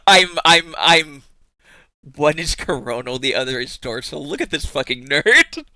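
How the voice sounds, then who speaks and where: A man's voice: on the high side, very animated, a little slow, pushed and bright, dry recording. A young man streaming live, chatting casually with his viewers, teasing them, swearing freely and laughing often.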